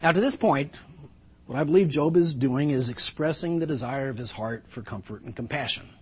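Husky-voiced man preaching earnestly. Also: medium pitch, brisk, a little mellow. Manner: earnest, reflective, emphatic. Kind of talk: sermon.

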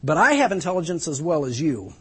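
Preacher doing an anguished sufferer: high, loud, husky. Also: male voice, very animated, moderate pace, heavily acted. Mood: bitter. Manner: impassioned, pleading then sarcastic. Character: anguished suffering man pleading with friends.

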